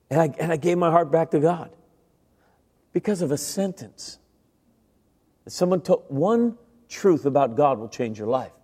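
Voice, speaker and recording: A middle-aged man delivers a sermon built around his personal testimony. His voice sits a little high for a man. He speaks conversationally and addresses his listeners directly, and a long reverb from a large hall trails after his words. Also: warm tone. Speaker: preacher.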